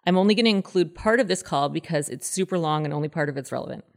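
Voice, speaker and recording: Low-voiced woman telling a true-crime case. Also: racing, gravelly. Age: 30s. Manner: chatty, animated, acts out quoted people in a higher voice. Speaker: podcast host. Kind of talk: casual true-crime storytelling.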